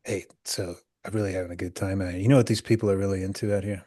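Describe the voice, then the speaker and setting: A man's voice: sits low, steady tone, very fast, dark tone. A man telling stories in casual podcast chat, acting out the people he quotes and laughing along. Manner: storyteller, acts out quoted people, laughs often. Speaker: podcast co-host.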